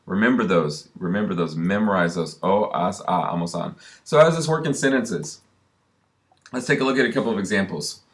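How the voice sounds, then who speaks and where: A man's voice: lowish voice, a bit bright. A man, teaching a recorded lesson and patiently repeating drill words for learners. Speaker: Spanish teacher. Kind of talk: recorded classroom lesson narration.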